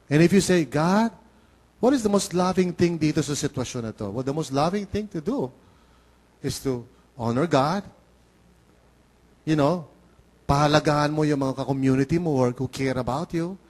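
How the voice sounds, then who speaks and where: A man's voice: a little high, lively intonation, moderate pace, pauses often, a little mellow. A middle-aged man with a Filipino accent, preaching a conversational sermon as pastor and acting out the voices he quotes. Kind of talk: bilingual sermon.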